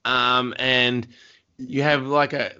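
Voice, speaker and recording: Slow, teasing male podcast host. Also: mid-range voice, flat delivery, sharp tone, clean tone. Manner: teasing, giggles at own facts. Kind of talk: casual chat. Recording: dull lo-fi sound.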